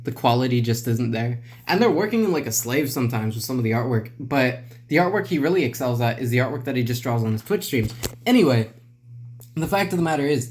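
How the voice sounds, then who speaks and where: A man's voice: mid-range voice, darkish tone. A man giving casual, rambling commentary on a comic book, wry and self-deprecating, talking straight to his viewers.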